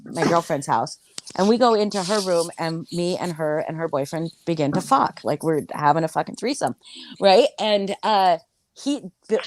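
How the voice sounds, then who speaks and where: A woman telling a crude anecdote in casual chat, animated, swearing and full of fillers. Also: on the low side, slight background noise. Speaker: storyteller.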